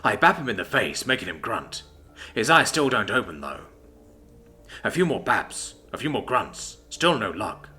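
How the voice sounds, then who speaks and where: A man reads a first-person story aloud with expressive, storytelling delivery. His voice is bright and his pitch rises and falls a great deal, with soft music behind him. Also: moderate pace. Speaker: narrator. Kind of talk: storytelling narration.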